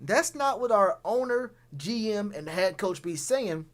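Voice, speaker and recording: A man with a notably high-pitched voice talks straight to his live chat in a loose sports rant. He is blunt and full of slang, and he circles back on his own phrases to drive a point home. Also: lively intonation, unhurried, fairly bright tone. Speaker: sports commentary streamer.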